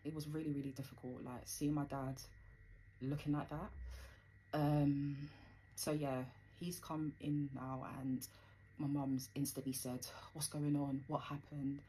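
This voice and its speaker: A woman's voice: low voice, flat delivery, measured pace, warm tone, slight background noise, poor audio. A young woman telling a personal story in a rambling, conversational way with plenty of fillers.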